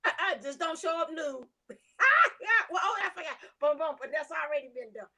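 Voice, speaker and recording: A woman co-hosting a casual spiritual chat over a video call, playful and teasing with quick laughs. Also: high voice, a crowd in the background.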